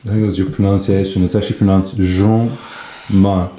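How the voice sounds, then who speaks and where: A man's voice: low-pitched, flat delivery, racing, warm tone. A man filming a documentary in a mockumentary, hesitant and meek. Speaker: documentary filmmaker. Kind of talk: improvised mockumentary comedy.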